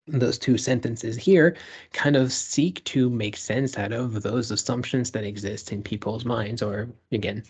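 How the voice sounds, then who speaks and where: A man's voice: medium pitch, darkish tone, breathy edge. A man lecturing over slides in a discursive way, with fillers and restarts.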